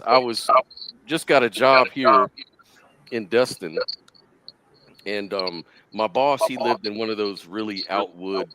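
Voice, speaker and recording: A man's voice: mid-range voice, very noisy. Call-in host, male, rambling casual storyteller. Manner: rambling storyteller, says "dude".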